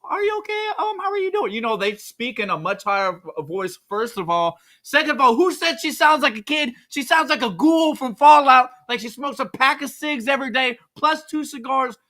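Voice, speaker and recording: A woman co-host giving jokey, animated commentary with frequent exclamations. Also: high voice, normal speed, few pauses. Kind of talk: casual commentary.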